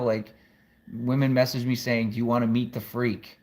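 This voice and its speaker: A man's voice: medium pitch, little pitch movement, a little fast. Man vlogging from home; loose, profane, rambling delivery. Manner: rambling, profane, frequent restarts. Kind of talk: casual rambling monologue.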